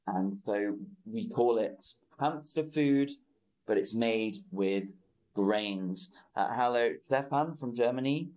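Very slow-speaking male English teacher. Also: mid-range voice, darkish tone, rough recording. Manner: slow, repetitive, greets chat viewers by name. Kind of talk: slow live-stream English lesson.

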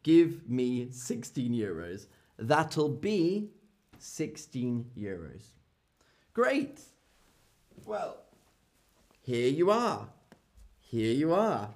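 A man teaching a classroom language lesson, drilling short phrases over and over and calling on students. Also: medium pitch. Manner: very slow, repetitive, lively and exaggerated intonation. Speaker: English teacher.

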